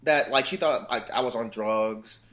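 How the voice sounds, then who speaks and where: This podcast guest, a man in his thirties, has a mid-range voice and a moderate pace. Loose and profane in casual chat, he tells animated stories about his family.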